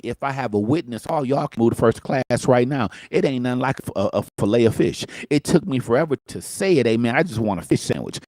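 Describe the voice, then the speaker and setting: Man, motivational host, preacher-style call-and-response delivery, mid pitch, dry close sound. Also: a little mellow, dry recording. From Michigan. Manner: call-and-response, peppered with "amen" and "talk back to me".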